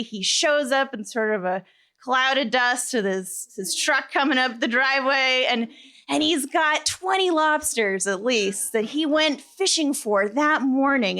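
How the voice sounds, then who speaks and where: A woman in her thirties tells a true personal story to an audience. She is animated, laughs easily and acts out the voices of the people in it. Her voice sits on the higher side. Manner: animated, laughing, quotes others.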